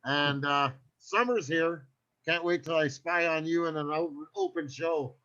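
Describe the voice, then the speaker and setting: A man's voice: a little high, measured pace, pushed and bright. A man hosting a comedy show, thanking the act and chatting in friendly, rambling banter. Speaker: show host. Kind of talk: casual emcee chat. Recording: dull lo-fi online audio.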